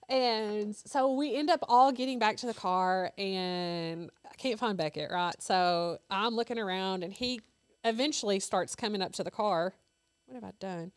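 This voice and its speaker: A woman's voice: fairly high pitch, normal speed, smooth, dry recording. A woman in her thirties, co-hosting a crafting show, who chats casually and tells rambling family stories full of fillers while she sews. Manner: chatty storyteller with lots of fillers. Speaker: crafting channel co-host. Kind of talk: casual chat while sewing.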